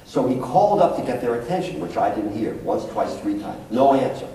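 A man speaks as a psychologist addressing parents, warm and relaxed in tone, spinning anecdotes and acting out voices. He sounds set back from the mic in a big, roomy school hall with heavy echo and faint ambience. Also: mid-range voice, a little fast, a little hiss or hum. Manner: anecdotal storytelling, acts out quotes. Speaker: psychologist giving a talk to parents. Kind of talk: public talk to an audience. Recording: echoey hall, voice from far off.

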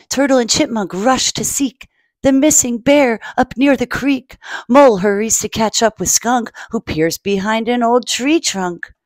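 A woman hosting a children's storytime, reading a picture book aloud in a playful, animated way and asking the listener questions. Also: mid-range voice, no room sound.

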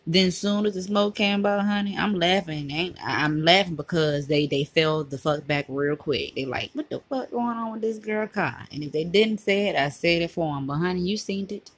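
A woman's voice: sits low, moderate pace, hardly any pauses, low-quality recording. A woman from Virginia, talking to herself in casual, profane chat while she drives and films on her phone. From Virginia, USA. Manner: chatty, profane, talks to herself and passing drivers. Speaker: vlogger. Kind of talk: casual self-filmed chat while driving. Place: inside a car on the road. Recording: car and road noise behind. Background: car engine and road noise.

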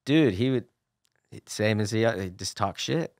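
A man's voice: on the low side, expressive, measured pace, dry recording, studio quality. A man in his forties, a podcast guest, telling stories in a laid-back casual chat, often trailing off with "you know.". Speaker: podcast guest, former racer.

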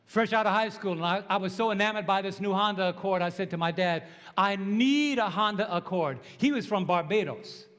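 A pastor in his sixties from New York, preaching a sermon with animated storytelling and call-and-response. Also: sits high, fast, few pauses. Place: church sanctuary. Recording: long church hall reverb.

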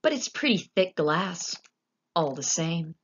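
Woman voicing eccentric cheerful candy-maker man, bubbly, high and springy, storybook voice, muffled lo-fi. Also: very animated, husky, full character voice. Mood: breezy. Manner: quick, bubbly, exclamatory, higher voice. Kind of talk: storybook character voice.

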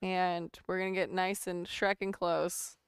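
Woman host of a sewing livestream, unhurried, smooth and bouncy in pitch, close and dry. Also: little pitch movement, no echo. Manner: chatty, laughs often, reads chat aloud. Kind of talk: casual livestream chat.

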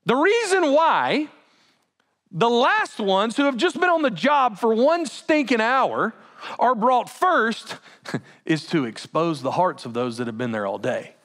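Male pastor, high and lively voice, chatty preaching with laughing asides. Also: a little slow. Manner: animated, conversational, laughing asides. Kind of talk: sermon.

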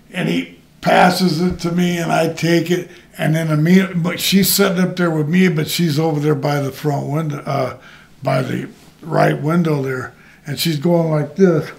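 Gravelly older man telling stories. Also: a little high, a little mellow. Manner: profane, rambling anecdotes. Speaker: guest, retired wrestler. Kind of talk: shoot interview storytelling.

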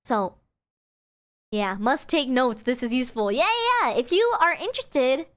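A woman's voice: high voice, big pitch swings, moderate pace. A young woman explaining Japanese phrases in a casual livestream lesson. She is chatty, giggles often and fills her talk with "um" and "like.". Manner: chatty and giggly, frequent fillers. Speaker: streamer teaching Japanese.

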